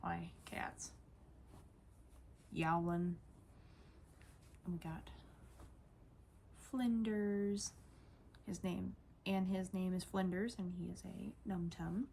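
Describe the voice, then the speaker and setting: A woman's voice: lowish voice, steady tone, takes it slowly, gravelly, long pauses, a little mellow, slight background noise. A woman vlogger showing off her toys in a casual, gushing way, often repeating herself. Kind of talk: casual toy show-and-tell.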